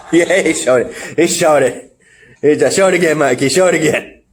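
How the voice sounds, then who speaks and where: A man's voice: fairly high pitch, moderate pace. A man hosting a casual wrestling review podcast, laughing often and acting out what people said. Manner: animated, laughs often, acts out quotes. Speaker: podcast host.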